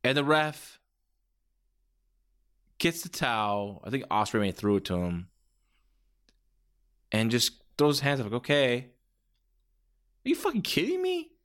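A man's voice: mid-range voice, unhurried, pauses often, smooth. A man hosting a podcast, reviewing in a casual, rambling way with lots of restarts. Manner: animated, rambling with many restarts. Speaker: podcast host.

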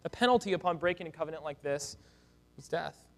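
A man's voice: on the high side, expressive, fast talker, gravelly. A man preaching a sermon as pastor, speaking in an earnest, exhorting way.

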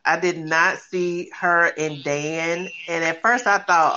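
Slow-talking cohost on a tv recap chat, bright sharp voice, lo-fi with faint hiss. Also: mid-range voice. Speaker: podcast co-host. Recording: dull lo-fi sound with faint room noise.

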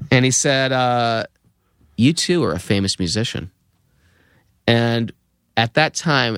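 Gravelly-voiced guy in his 50s telling a story on a podcast, dry close sound, acts out the voices. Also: medium pitch, no echo. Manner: lively storyteller acting out quoted voices. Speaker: podcast guest. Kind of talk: anecdotal storytelling.

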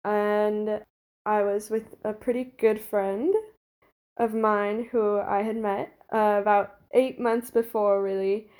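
A woman's voice: mid-range voice, flat delivery, slow, a little mellow. A woman in her twenties, a podcast guest telling a personal story in a chatty way, peppering it with "like" and bursts of laughter. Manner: chatty, frequent "like" fillers and laughter. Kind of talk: casual storytelling.

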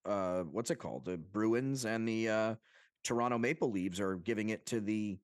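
A young man from Long Island, New York co-hosts a casual podcast, talking animatedly, swearing, and joking with fake accents. His voice is lowish and moderately paced, recorded with clean studio sound and no echo.

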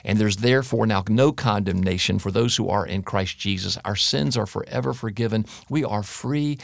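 A man's voice: on the low side, moderate pace, creaky, no room sound. A male pastor giving an earnest, preacherly devotional talk on a radio show, recorded in a studio. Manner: earnest, preacherly, acts out what people say.

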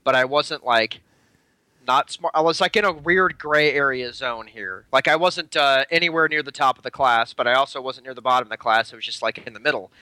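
Man, podcast co-host, casual chat, wry teasing, bright voice. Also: medium pitch, fairly quick, no room sound.

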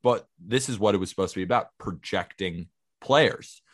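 A man's voice: low voice, moderate pace. A man in his twenties co-hosting a podcast, talking in an eager, heartfelt way. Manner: enthusiastic, heartfelt. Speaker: podcast co-host. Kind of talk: casual chat.

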